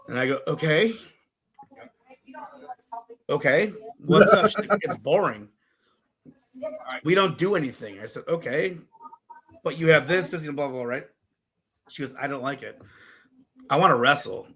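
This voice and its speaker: A middle-aged man, a pro wrestler and former wrestling coach, guests on a podcast, chatting casually and telling profane stories while voicing the people he quotes. His voice is a little high and animated, at a moderate pace with long pauses. A crowd can be heard in the background of the rough recording.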